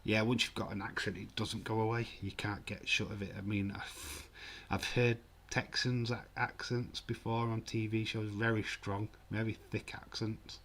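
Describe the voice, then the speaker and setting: A man's voice: lowish voice, little pitch movement, moderate pace, hardly any pauses, a bit bright, a little hiss or hum. A man streaming a live football watch-along, chatting casually and rambling with frequent restarts. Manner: rambling, self-correcting, chatty.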